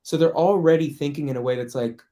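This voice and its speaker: A man's voice: on the high side, quick pace, mellow. A man teaching French in a casual online workshop, chatty, laughing often and putting on voices for quoted speech.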